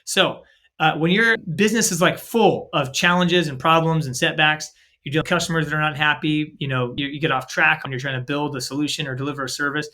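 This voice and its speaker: A man co-hosting a faith-based podcast, talking in a casual, upbeat, energetic way. His voice sits a bit high and rings bright and forceful. He leans on fillers and acts out little dialogues as he goes. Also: brisk. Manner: lots of filler 'like' and 'right?'. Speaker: podcast co-host.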